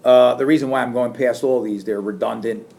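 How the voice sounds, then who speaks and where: A middle-aged man giving a classroom lecture, animated and acting out sarcastic lines as examples. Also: mid-range voice, fairly quick, creaky. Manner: animated, acts out sarcastic quotes. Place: lecture room.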